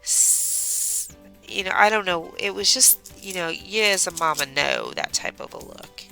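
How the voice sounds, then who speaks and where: A middle-aged woman hosting a craft livestream, talking in a casual and rambling way. Her voice sits fairly low with a heavy gravelly fry and a bright, forceful edge. Soft music plays behind her. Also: a little slow. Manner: chatty, rambling storytelling. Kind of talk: casual chat while crafting.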